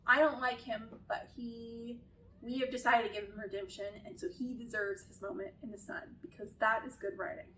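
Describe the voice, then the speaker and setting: A woman's voice: fairly high pitch, steady tone, normal speed, fairly bright tone, echoey room, far from the mic, a little hiss or hum, low-quality recording. A woman chatting casually through a critique of a show, exasperated at times and swearing freely. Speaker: video essayist.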